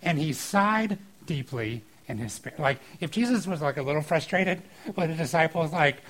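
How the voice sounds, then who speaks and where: A man preaching a casual sermon on a scripture passage, informal and animated, breaking into acted-out quotes. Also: on the high side, moderate pace, a little hiss or hum, rough recording. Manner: informal and animated, acting out quotes with filler likes.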